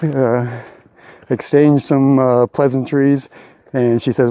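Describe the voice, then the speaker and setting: A man's voice: medium pitch, slow pace, pauses often, dark tone, no room sound, dull audio. An older man vlogging his thru-hike outdoors on a mountain trail, telling a long story in a casual, rambling way. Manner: rambling storytelling with many uh fillers.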